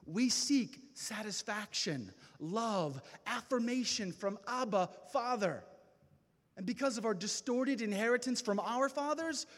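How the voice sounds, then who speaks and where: A man preaching a personal testimony in a high, lively voice that swoops between hushed and ringing. He takes his time, leaning on long dramatic pauses, and his words carry a long echo through a large hall. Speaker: speaker at a men's gathering. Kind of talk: testimony sermon. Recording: reverberant hall.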